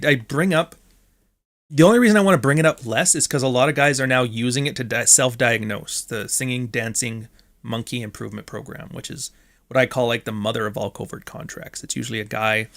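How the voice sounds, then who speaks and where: A man's voice: medium pitch, creaky, fairly bright tone. A Canadian man hosting a livestream, talking in a blunt, rambling way and swearing freely. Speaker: stream host. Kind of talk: casual livestream commentary.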